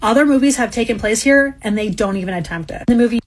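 A woman's voice: fairly high pitch, fast talker, husky. A woman, talking in a chatty, upbeat way. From Delaware County, Pennsylvania. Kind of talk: casual spoken message.

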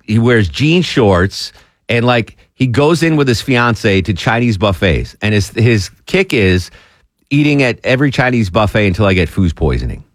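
A man co-hosting a podcast, telling stories in a casual chat and jumping high in pitch when amused. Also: animated, moderate pace, dry recording, clean studio sound. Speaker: podcast co-host.

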